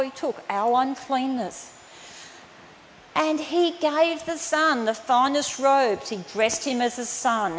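Woman preacher, earnest and emphatic, higher voice, reverberant hall with faint noise. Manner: earnest, emphatic, softening to tender. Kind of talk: sermon.

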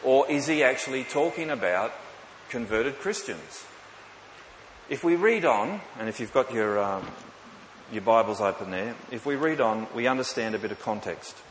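A man's voice: medium pitch, animated, moderate pace. A man preaching a sermon, emphatic, with rhetorical questions to the congregation and light joking asides. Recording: echoey hall with faint hiss.

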